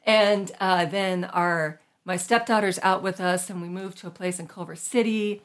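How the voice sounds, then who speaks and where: A woman hosting a podcast, chatting casually with a guest, laughing easily and jumping between quick asides. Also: fairly low pitch, fairly even intonation. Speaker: podcast host.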